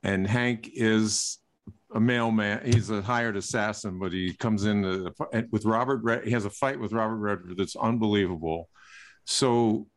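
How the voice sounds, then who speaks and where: Eager male host with a lowish voice. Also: normal speed. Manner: curious, eager questioning. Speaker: interview host. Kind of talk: interview.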